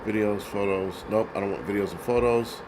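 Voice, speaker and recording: A man's voice: fairly low pitch, brisk, background noise. Rambling, cursing man film host. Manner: rambling, profane, searches aloud. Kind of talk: casual livestream commentary.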